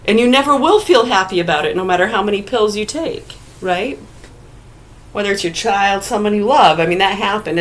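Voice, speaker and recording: A woman in a casual ranting monologue, blunt and profane, firing rhetorical questions at imagined listeners. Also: medium pitch. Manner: argumentative, talks to absent listeners.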